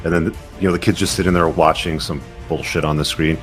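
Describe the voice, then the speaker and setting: Very deep-voiced man chatting quickly. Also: flat delivery, faint music behind. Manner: casual, chatty, lots of fillers. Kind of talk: casual chat.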